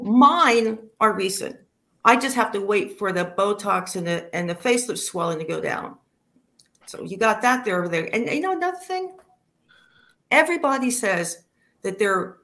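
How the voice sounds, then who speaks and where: A woman doing a stand-up comedy routine over a video call, delivering one-liners with deadpan pauses. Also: mid-range voice.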